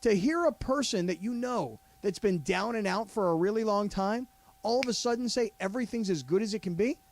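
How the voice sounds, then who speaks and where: A man co-hosting a sports radio show, telling a story with animated energy and quoting people in their voices. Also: sits high, a little fast, slight background noise. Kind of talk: casual sports radio banter.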